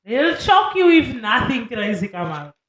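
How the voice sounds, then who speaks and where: A man's voice: very high-pitched, very animated, measured pace, dull audio, crowd noise. A man co-hosting a podcast, chatting casually in a laid-back way and laughing along. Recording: very echoey room.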